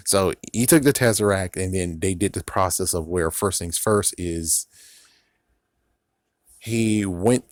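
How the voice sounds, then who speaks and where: A man's voice: sits low, takes it slowly, long pauses, dry recording. A man casually reviewing a show, rambling, swearing and laughing often. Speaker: YouTube reviewer.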